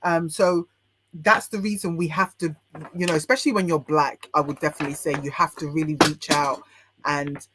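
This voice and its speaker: A woman's voice: low-pitched, fairly even intonation, fairly quick, a bit bright, a little hiss or hum. Frank, opinionated British woman. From United Kingdom. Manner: frank and opinionated, many restarts. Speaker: podcast guest, life coach. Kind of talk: casual podcast chat.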